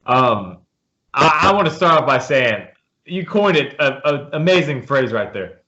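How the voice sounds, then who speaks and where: A man's voice: medium pitch, sing-song, measured pace, pushed and bright. A man co-hosting a casual sports podcast, talking emphatically with frequent restarts. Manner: emphatic, rambling with repeated restarts. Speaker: podcast co-host. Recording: dull lo-fi sound.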